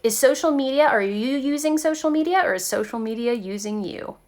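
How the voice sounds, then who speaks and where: A woman talking casually to her viewers about spiritual growth, animated and chatty, often saying "like" and "okay". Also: sits high, fairly quick. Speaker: spiritual tarot vlogger.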